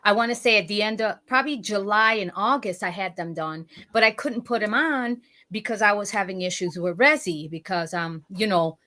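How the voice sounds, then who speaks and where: A woman's voice: medium pitch, normal speed, hardly any pauses, bright, forceful tone. Chatty woman guest. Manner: chatty, rambling with restarts. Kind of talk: casual chat.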